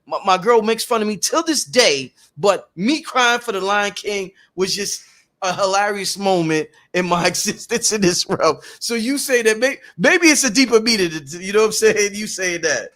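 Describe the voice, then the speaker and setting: A man in his thirties hosting a casual podcast, telling stories in an animated, slangy way with lots of repeats. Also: high-pitched, moderate pace. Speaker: podcast host.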